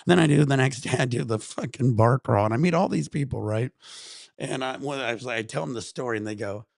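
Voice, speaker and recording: A man hosting a relaxed vlog, rambling and swearing freely in casual chat while high. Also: a little fast, creaky, no room sound, clean studio sound. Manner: rambling, profane, laid-back. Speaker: vlog host.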